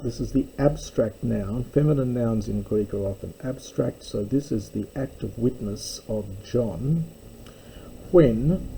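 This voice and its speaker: A man teaching a slow verse-by-verse Greek lesson, explaining word by word with pauses and fillers. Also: medium pitch, vocal fry, dark tone, slight background noise, rough recording.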